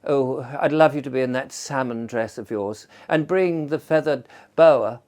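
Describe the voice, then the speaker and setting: A suave, secretive gentleman who lays out plans in an unhurried, confiding tone, voiced by a male storyteller. He sounds smooth and quietly assured. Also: mid-range voice, lightly acted.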